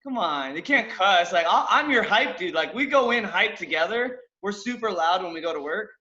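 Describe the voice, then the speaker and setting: A man's voice: high voice, lively intonation, pushed and bright. A young man co-hosting a casual podcast chat, rambling and swearing as he tells work stories. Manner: rambling, swearing, quick to jump in and correct. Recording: echoey, muffled room sound.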